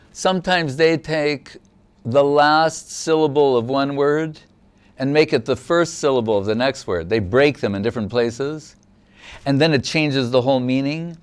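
A man giving a devotional lecture as a spiritual teacher, explaining in a measured, reflective way. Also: medium pitch, clear, resonant tone.

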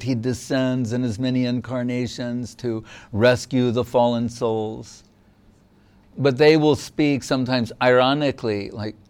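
Male spiritual teacher, devotional lecture, unhurried and smooth, mid-pitched, reflective. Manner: measured, reflective explaining.

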